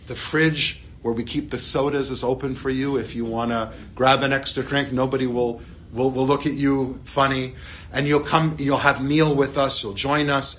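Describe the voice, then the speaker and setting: Give me a man playing a generous, protective landowner who speaks quietly and reassuringly. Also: mid-range voice, slight background noise, lightly acted.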